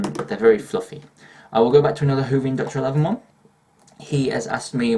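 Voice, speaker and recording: This young man from northern England is a YouTuber doing a casual Q&A vlog, chatting hyperactively with frequent swearing and laughter. His voice is fairly low-pitched and darkish.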